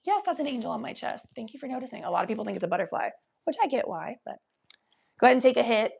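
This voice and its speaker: A young woman hosting a casual livestream, chatting to viewers in a loose, giggly, profane way while high. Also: lively intonation, racing, vocal fry, darkish tone, slightly rough. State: high from smoking weed. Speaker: livestream host. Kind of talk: casual chat reading viewer comments.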